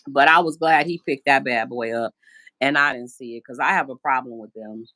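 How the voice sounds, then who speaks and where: Middle-aged american lady rambling on her phone live from home, deep voice, dry close sound. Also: moderate pace, pushed and bright, dry recording. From United States. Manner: chatty, rambling storyteller who acts out quoted voices. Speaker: livestream host. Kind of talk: casual live-stream chat. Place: at home indoors.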